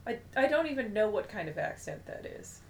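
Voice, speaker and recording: A woman co-hosting a podcast, chatting casually with quick, teasing interjections. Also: medium pitch, very animated, gravelly, slight background noise. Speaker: podcast co-host. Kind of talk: casual chat.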